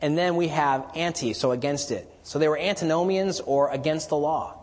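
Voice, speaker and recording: A man preaching an expository sermon, teaching verse by verse and swelling into emphatic declarations before dropping quiet again. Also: a little high, normal speed. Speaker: pastor. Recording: long hall reverb.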